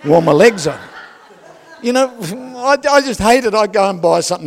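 A man's voice: high voice, lively intonation, normal speed, vocal fry, big-room sound. An older man with an Australian accent, preaching a sermon full of personal stories, jokes and asides to the congregation. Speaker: pastor.

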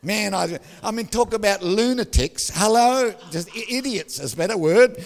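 An older man preaches in a high voice, joking and telling stories, and now and then he bursts out loudly. His voice carries a long reverb from a big hall. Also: animated, normal speed, gravelly. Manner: jokey, storytelling, with sudden loud outbursts. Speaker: pastor. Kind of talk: sermon.

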